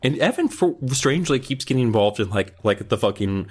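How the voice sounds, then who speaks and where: Man, podcast co-host, rambling casual commentary, swears freely, average pitch. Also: lively intonation, fairly quick. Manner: loose, profane, rambling commentary. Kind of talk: casual book recap chat.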